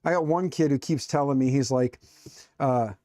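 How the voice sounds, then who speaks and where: Middle-aged male streamer, warm low-key voice, wry self-mocking banter, dry close sound. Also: normal speed, no room sound. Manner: joking, self-mocking, rambling; muttering to himself while tinkering. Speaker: streamer building a 3D printer. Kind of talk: casual live-stream chatter while working.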